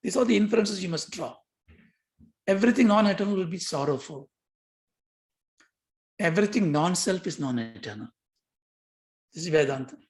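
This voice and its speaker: A man's voice: high-pitched, moderate pace, long pauses. Older man teaching yoga philosophy. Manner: lively, questioning, repeats himself. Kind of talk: lecture on yoga sutras.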